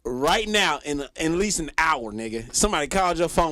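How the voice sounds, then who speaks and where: A man's voice: fairly high pitch, a little fast, few pauses, no echo, studio quality. A man co-hosting a casual talk show, teasing a friend and telling stories with lots of laughter. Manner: teasing, animated storytelling with frequent laughter. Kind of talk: casual banter among friends.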